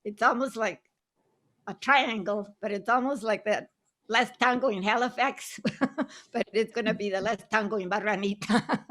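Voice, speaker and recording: An older woman from Southern Arizona, a playwright and actress, reminiscing casually on a video call, chatty and quick to laugh, slipping Spanish phrases into her English. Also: on the high side, fairly bright tone.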